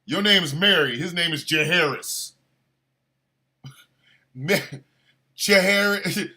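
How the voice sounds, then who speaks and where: A man delivers a crude, playful comedic rant in a high, bright voice. He takes his time with the words, then breaks into exaggerated shouted bursts. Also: expressive, slow, pauses often. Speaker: show host.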